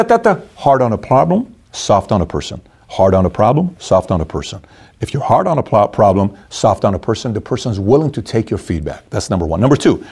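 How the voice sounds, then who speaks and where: Lively middle-aged man giving motivational talk. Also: fairly low pitch, breathy edge. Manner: animated, acts out quoted voices. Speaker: motivational speaker.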